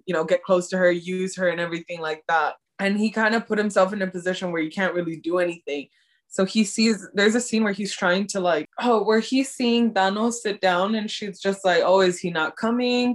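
A young woman chatting casually as a co-host, excitable and slangy, saying "like" a lot. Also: medium pitch. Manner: excitable, slangy, heavy use of "like". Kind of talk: casual chat recapping a TV drama.

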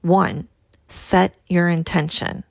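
Gravelly-voiced woman giving motivational talk. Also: lowish voice, fairly even intonation, takes it slowly, no room sound. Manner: earnest, direct, coaching tone with repeated emphasis. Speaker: podcast host and spiritual coach. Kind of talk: motivational solo podcast talk.

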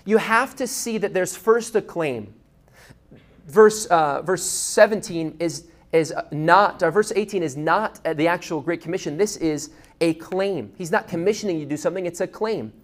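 Animated male preacher telling stories. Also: sits high. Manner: animated, grows loud and fast in stories, with restarts. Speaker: pastor. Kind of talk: sermon with personal storytelling.

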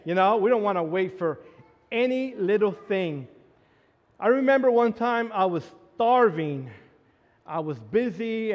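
A man's voice: sits high, in a large hall, muffled recording. A man preaching a sermon, telling a story and building to emphatic peaks. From Latino background. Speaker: pastor. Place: church sanctuary.

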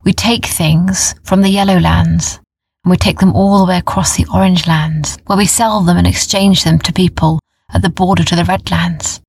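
A woman voicing a cloth-wrapped desert trader who explains things in a calm, kindly way. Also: on the low side, normal speed, creaky, slightly rough. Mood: kindly explaining.

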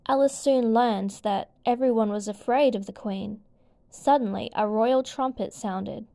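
Woman storybook narrator; unhurried, clear, slightly high-pitched read-aloud. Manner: slow, gentle, clear reading.

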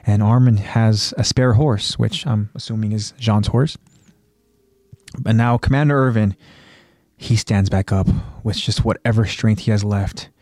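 A man's voice: on the low side, fairly even intonation, unhurried, a little mellow, dry recording. A man hosting a podcast, plainly retelling an anime episode with fillers. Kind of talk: episode recap narration.

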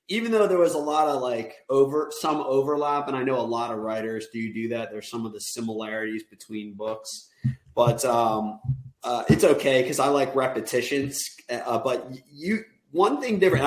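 A man's voice: mid-range voice, fairly quick. Rambling male host in a roomy room. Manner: rambling, searching for words. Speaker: podcast host. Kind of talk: casual interview chat. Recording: roomy echo.

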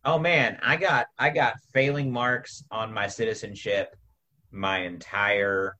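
A man's voice: fairly low pitch, steady tone, slow pace, sharp tone, rough recording. A man in his thirties, co-hosting a casual podcast chat and telling stories from his school days. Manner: laughing, reflective storyteller. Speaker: podcast co-host.

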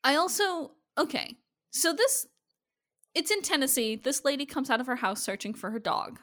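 A woman's voice: high-pitched, sing-song, moderate pace, fairly bright tone. A woman co-hosting a casual podcast, sarcastic and swearing freely as she riffs. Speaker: podcast co-host. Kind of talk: casual chat.

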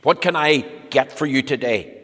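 A man voicing a loud, brusque butcher who bellows at his customers. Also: mid-range voice, moderate pace, close to an everyday voice. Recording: echoey hall reverb.

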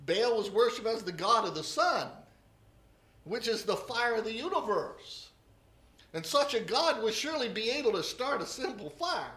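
A preacher giving a sermon, retelling a scripture story with humor and lively storytelling. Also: medium pitch. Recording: roomy echo.

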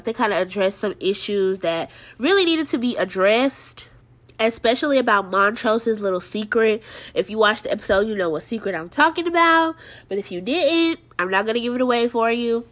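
Woman rambling thru her tv review, kinda high voice, lots of "like" and "you know", says stuff twice for emphasis. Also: a bit bright. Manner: chatty, filler-heavy, emphatic repetition. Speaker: show host reviewing TV episodes. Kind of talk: casual review monologue.

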